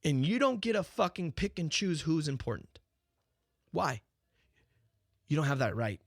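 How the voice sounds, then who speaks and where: A man's voice: a little high, sing-song, measured pace, vocal fry, dry recording, studio quality. Heated, swearing man ranting. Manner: rhetorical questions, frequent restarts. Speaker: talk show host. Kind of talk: unscripted monologue.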